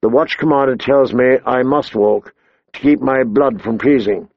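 A man's voice: mid-range voice, normal speed, vocal fry, dry recording. A man voicing a sardonic dwarf nobleman with a dry, wry wit, in a dull, dry lo-fi recording.

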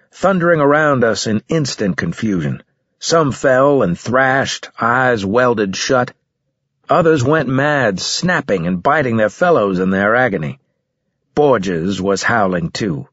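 A husky male voice tells a first-person story in a steady, measured delivery with a grim weight. The recording is dry and a touch muffled, with no room sound around him. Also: medium pitch, no room sound. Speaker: audiobook narrator. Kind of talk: first-person scripted narration.

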